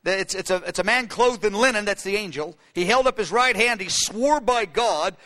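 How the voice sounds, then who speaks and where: High, bright-voiced preacher man. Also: normal speed. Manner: anecdotal, many fillers and restarts. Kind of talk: sermon. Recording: long hall reverb.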